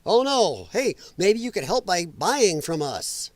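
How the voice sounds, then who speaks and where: A man talks off the cuff on his livestream, swearing freely, laughing a lot and reacting to his chat. His voice sits high and swings widely in pitch. The sound is close and dry. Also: big pitch swings, unhurried, no echo. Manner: loose, profane, laughing, reading chat comments. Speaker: livestream host. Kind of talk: casual political livestream chat.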